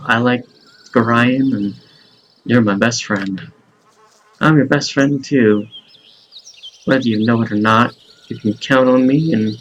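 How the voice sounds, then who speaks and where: A man's voice: medium pitch, muffled recording, natural voice. A man voicing a plucky, loyal young woman adventurer, reading game dialogue aloud in a chatty, reassuring way, with faint outdoor noise behind.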